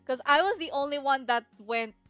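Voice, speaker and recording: A young adult woman with a high-pitched voice and Filipino accent tells a candid personal story on her podcast at normal speed over soft background music. She's animated, switching between English and Tagalog, swearing freely and laughing.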